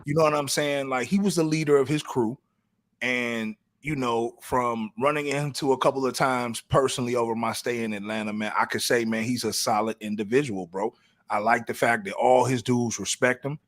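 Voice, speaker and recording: A man's voice: mid-range voice, steady tone, moderate pace. A middle-aged man co-hosting a casual podcast, laid-back and full of street slang, often restarting his sentences. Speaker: podcast co-host.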